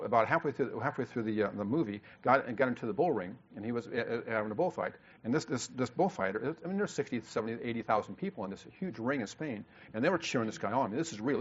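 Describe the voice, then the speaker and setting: An older man from Illinois preaches at a quick clip, moving from quiet, low storytelling to loud, pushing calls to action and often repeating his words as he goes. The recording sounds dull and a bit lo-fi. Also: slightly rough. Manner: storytelling, swings from low asides to loud exhortation. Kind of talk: sermon.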